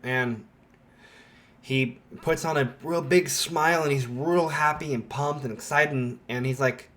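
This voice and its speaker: A man's voice: mid-range voice, a little slow, a bit bright. A man narrating a fan story in a rambling, casual way, full of filler likes.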